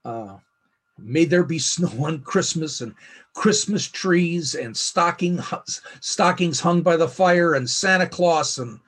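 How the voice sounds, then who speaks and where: Earnest husky male Bible teacher. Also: fairly high pitch, fairly bright tone. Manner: earnest, with slow emphatic phrasing. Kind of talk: scripted teaching.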